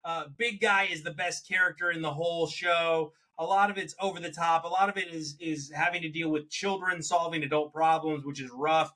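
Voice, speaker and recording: A man co-hosting a podcast, giving casual reviews with frequent laughs and lively asides. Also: a little high, a little fast, hardly any pauses. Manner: animated, laughs often, mocks accents in quotes. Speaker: podcast co-host.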